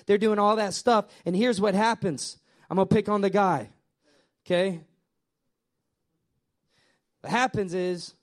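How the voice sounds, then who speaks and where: High-voiced preacher with swelling delivery. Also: male voice. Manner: animated, repetitive preaching that swells and drops; addresses the congregation directly. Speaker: pastor. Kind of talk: sermon.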